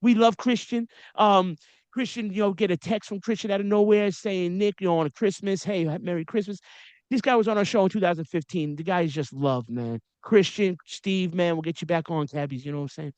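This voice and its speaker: High-voiced man, slangy podcast host. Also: brisk, a little mellow, clean tone, no room sound. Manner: storytelling with frequent slang and asides. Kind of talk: casual interview chat.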